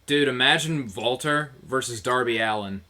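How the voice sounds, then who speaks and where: A man co-hosting a casual podcast, telling stories in an animated way and laughing often. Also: medium pitch, normal speed. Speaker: podcast co-host. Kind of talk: casual chat.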